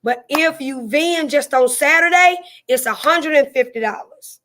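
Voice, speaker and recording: A woman's voice: high-pitched, unhurried, a bit bright. A woman with a Southern drawl hosting a casual live stream, chatting folksily with viewers, repeating herself and greeting them by name.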